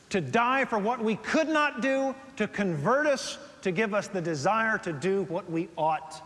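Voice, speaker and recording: A man preaching a sermon, animated, swinging between soft and loud as he tells stories. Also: sits high. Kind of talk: sermon on dating and marriage. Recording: long hall reverb.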